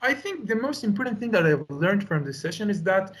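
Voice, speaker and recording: A young man with an American accent and a very high voice talks earnestly about his speaking exam. He often fills his pauses with "like" and "you know." He is recorded indoors at a language school. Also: sing-song. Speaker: test candidate. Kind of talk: conversational exam debrief. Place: indoor room at a language academy.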